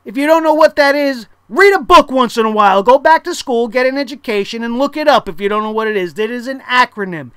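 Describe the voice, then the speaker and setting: A blunt, sarcastic reviewer tears into the latest show, swearing freely and breaking into loud exasperated outbursts. Their voice sits at an ordinary middle pitch and sounds close and dry, with no room behind it. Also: lively intonation, quick pace, few pauses, clean tone, no room sound. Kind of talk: casual ranting show review.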